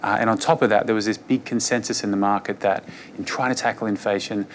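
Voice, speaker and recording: A fund manager, a man, giving an investor presentation on markets in a relaxed, conversational way with frequent fillers. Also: on the low side, quick pace, a little hiss or hum.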